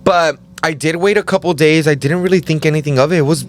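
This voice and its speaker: Chatty man telling stories, slightly high voice. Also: fast. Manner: animated, acts out quotes in higher voices, says "like" often. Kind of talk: casual storytelling chat.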